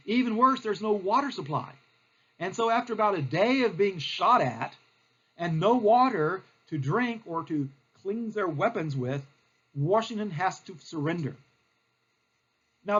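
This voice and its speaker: A male history teacher telling a lesson as a playful, animated story, with lots of fillers. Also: sits high, slightly rough, lo-fi sound.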